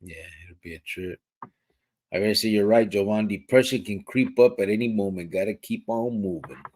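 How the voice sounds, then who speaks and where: A man, relaxed and unhurried. He chats casually on a live podcast, drops Spanish slang and swears freely. His tone stays easygoing and a little teasing. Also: fairly low pitch. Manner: laid-back, reads viewer comments aloud, swears, mixes in Spanish slang. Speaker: podcast co-host. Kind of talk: casual live-stream chat.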